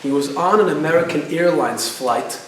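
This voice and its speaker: A man giving a class, telling a story in an animated way and asking his audience questions. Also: fairly high pitch, normal speed, a little hiss or hum. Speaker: lecturer. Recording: very echoey room, speaker far from the mic.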